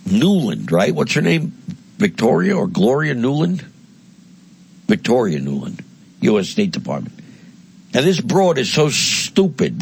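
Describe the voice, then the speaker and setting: A man's voice: on the high side, gravelly, breathy edge. A man giving a blunt, heated political monologue, crude and mocking in tone. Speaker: political commentator. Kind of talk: impassioned monologue.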